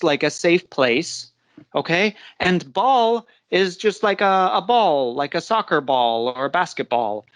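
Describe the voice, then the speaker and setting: An American woman teaching a live English pronunciation lesson, patiently explaining step by step and checking in with her listeners. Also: lowish voice. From United States.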